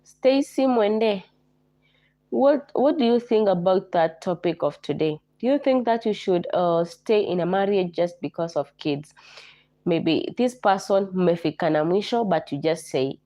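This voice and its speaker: Kenyan woman, livestream host, hoarse with flu, low mellow voice, repeats herself, greets viewers by name. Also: animated, measured pace. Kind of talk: casual livestream chat.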